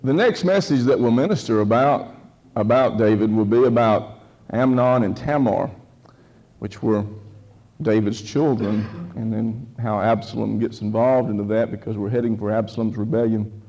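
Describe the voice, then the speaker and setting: A man's voice: lowish voice, moderate pace, warm tone, a little hiss or hum, poor audio. A pastor preaching an earnest, conversational sermon with prayer and scripture reading, often repeating words as he thinks.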